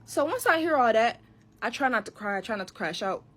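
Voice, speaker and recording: A woman's voice: on the high side, a little fast. A young woman telling a story in casual, profane talk, acting out what others said. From Detroit. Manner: animated, profane, quoting others in raised voices.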